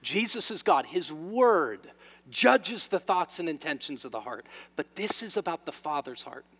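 A man preaching a sermon to his church, swinging between loud emphasis and hushed lines. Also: on the high side, very animated, unhurried, slightly rough. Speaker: pastor. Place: church sanctuary. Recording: long reverb of a large hall.

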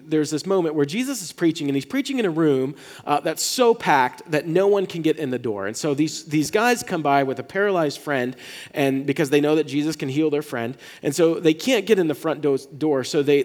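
A man preaching a sermon as pastor, talking in a casual, animated way and often restarting his words. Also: fairly high pitch, big-room sound.

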